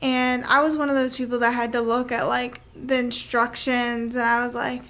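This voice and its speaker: Young woman with a high voice rambling through a story for her vlog, lots of likes and ums. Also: level tone, normal speed, hardly any pauses, a bit bright. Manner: chatty, filler-heavy with frequent "like" and "um". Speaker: vlogger. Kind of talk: casual storytelling to camera.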